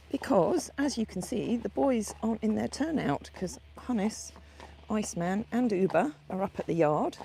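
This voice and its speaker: A woman's voice: medium pitch, creaky, a little mellow. A woman hosting a live stream from horseback, chatting and greeting viewers by name. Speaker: horse sanctuary host. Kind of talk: live-stream chat while riding. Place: outdoors on horseback at a farm. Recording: outdoor noise with passing vehicles.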